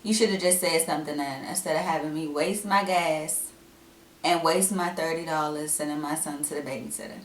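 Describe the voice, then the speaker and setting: A young woman, talking candidly to camera at home in a chatty, animated way. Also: sits low, fairly quick, slight background noise. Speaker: vlogger. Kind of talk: casual vlog talk to camera. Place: at home indoors. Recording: echoey room, mic at a distance.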